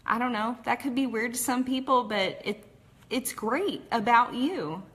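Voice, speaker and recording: A woman's voice: on the high side, animated, measured pace, fairly bright tone. A woman from Texas with a Texas accent, telling her personal story in a candid, chatty way with frequent fillers. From Texas, USA. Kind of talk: casual personal story talk.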